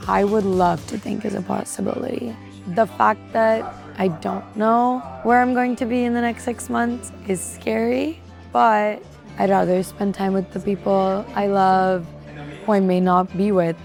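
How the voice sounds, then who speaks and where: A woman's voice: medium pitch, gravelly, darkish tone. A young woman from India in her twenties, speaking candidly and reflectively as an international student in an interview. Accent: American-leaning with Indian undertones. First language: Indian English speaker. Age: 20s. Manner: candid, reflective, casual fillers. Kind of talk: interview testimony.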